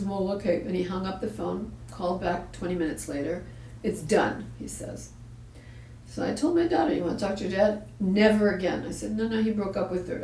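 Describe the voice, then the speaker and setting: A woman hosts a parenting talk, telling a story bluntly with profanity and acting out the voices of the people she quotes. Her mid-range voice is a little mellow, with a slight hiss or hum. She sounds far from the mic in an echoey room.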